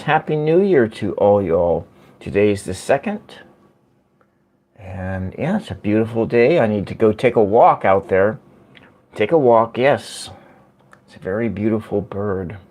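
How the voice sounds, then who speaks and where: A man hosting a casual livestream from home, chatting slowly and rambling as he answers viewer comments. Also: on the low side. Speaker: livestream host. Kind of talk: casual live-stream chat with viewers. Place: at home by a window.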